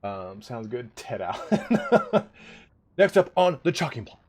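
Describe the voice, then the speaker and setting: A man's voice: mid-range voice, big pitch swings, normal speed, darkish tone. A man hosting a live stream, chatting casually with viewers in a joking, profane way. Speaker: livestream host of a game league.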